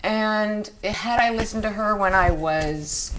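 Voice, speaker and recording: A woman in her forties hosting a live skincare chat, talking in an emotional, chatty way, her voice jumping high when she greets viewers. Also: slow pace, a bit bright, a little hiss or hum. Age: 40s. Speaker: beauty show host.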